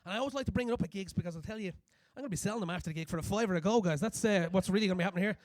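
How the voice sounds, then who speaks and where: A young man doing a crude, animated stand-up comedy set on a club stage, acting out scenes as he goes. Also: sits high, very fast, no echo, clean studio sound.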